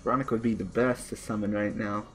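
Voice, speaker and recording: A man's voice: on the low side, steady tone, a little fast, faint music behind. A young man hosting a gaming channel, commenting live on a card game and ranting with heavy swearing when things go wrong. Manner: frustrated ranting, heavy swearing, rising to shouts.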